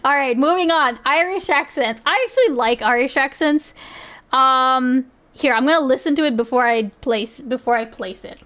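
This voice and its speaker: High-voiced woman streamer, laughs easily, talks in loose restarts. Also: normal speed, a bit bright. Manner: giggly, rambling, often restarting sentences. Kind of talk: casual reaction stream chat.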